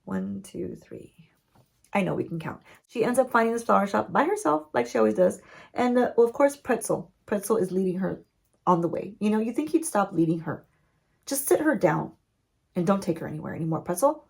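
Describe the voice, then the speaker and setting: A woman beauty vlogger telling a playful, chatty story-time recap with lots of asides to her viewers. Her mid-pitched voice carries a gravelly fry. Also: animated, fairly quick, a little mellow. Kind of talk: story-time recap while doing makeup.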